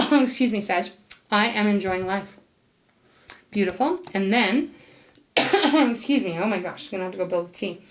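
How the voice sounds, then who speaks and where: Enthusiastic woman doing a tarot reading. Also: medium pitch. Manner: chatty and enthusiastic, talks to spirit aloud, laughs often. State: occasional coughing. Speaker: tarot reader. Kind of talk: casual tarot card reading to camera.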